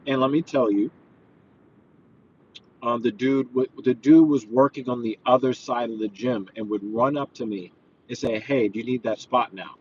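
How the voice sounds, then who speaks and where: A man's voice: medium pitch, normal speed, long pauses, highs cut off, a little hiss or hum. A man who works as a personal trainer, chatting casually while he drives, earnest and rambling with lots of fillers. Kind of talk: casual driving vlog, talking while he drives. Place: inside a car.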